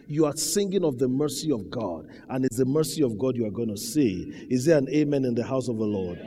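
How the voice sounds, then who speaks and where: A male pastor preaching a sermon, swinging from quiet talk to loud shouts and bursts of faith-filled laughter. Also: medium pitch, expressive, brisk, hardly any pauses, breathy edge, in a large hall.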